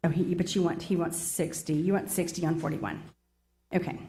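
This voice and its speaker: A woman's voice: on the low side, steady tone, normal speed, warm tone. A woman chairing a public meeting. She reads long lists of agenda numbers and apologizes often.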